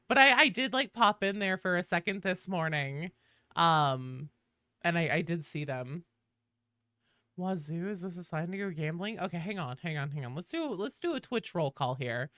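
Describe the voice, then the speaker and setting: A woman streamer chatting casually with her viewers while gaming. She swears freely and greets people in a high sing-song. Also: expressive, moderate pace, pushed and bright, no echo. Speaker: game streamer.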